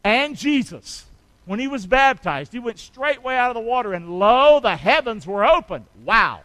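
High, animated middle-aged preacher man. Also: moderate pace, dry recording, low-quality recording. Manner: call-and-response preaching, asking the congregation for amens. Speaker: pastor. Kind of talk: sermon.

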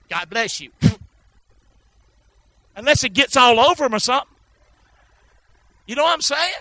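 A man preaches with a high, bright voice. He is emphatic and leans on call-and-response, prodding the congregation to answer and repeat after him. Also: no room sound, poor audio. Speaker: pastor. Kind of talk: sermon.

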